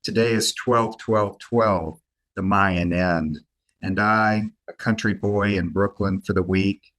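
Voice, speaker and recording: A middle-aged man with a drawl, reading his poetry with a slow, steady cadence. His voice sits very low but carries a bright, forward edge, and he never hurries a line. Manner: unhurried, reads poems in an even measured tone. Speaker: guest poet. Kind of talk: podcast chat and poetry reading.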